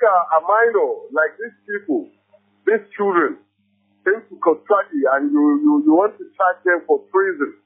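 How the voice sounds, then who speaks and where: Nigerian male caller, high husky voice, emotional and halting, phone-quality audio. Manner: emotional, repetitive, hesitant with many fillers. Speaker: radio caller. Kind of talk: impassioned phone-in comment. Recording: phone line.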